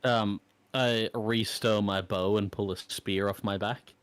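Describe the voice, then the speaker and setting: A man's voice: on the low side, fairly even intonation, a little slow, clear, resonant tone, no room sound. A man playing a tabletop game, stating his character's actions matter-of-factly. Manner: matter-of-fact, describes actions. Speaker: player.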